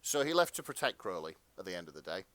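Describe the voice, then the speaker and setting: A man co-hosting a podcast, casually reading fan fiction aloud with relaxed asides and the odd swear. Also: low-pitched, fast talker, no echo. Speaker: podcast co-host.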